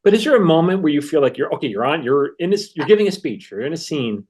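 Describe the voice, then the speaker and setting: A man's voice: on the high side, very animated, quick pace, darkish tone. A man hosting a podcast interview, asking probing questions and restarting them as he goes. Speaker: podcast host.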